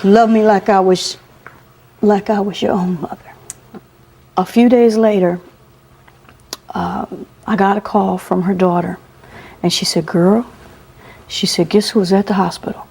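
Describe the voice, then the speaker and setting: A woman guest in an interview, telling a personal story in an animated way, acting out the voices of the people she quotes and laughing often. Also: mid-range voice, unhurried, vocal fry, pauses often, slightly rough.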